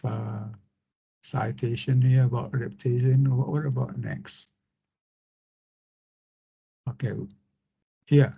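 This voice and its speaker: A man with an Indonesian accent giving a screen-share lecture on translation, halting and full of fillers and restarts. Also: medium pitch, creaky, warm tone, slightly rough, highs cut off.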